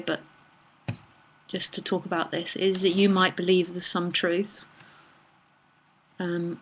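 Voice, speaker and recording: A woman hosting a casual live-streamed talk, reading out viewers' messages and answering them in a relaxed, chatty way with soft murmured asides. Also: lowish voice, breathy edge. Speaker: nonduality speaker answering live chat questions.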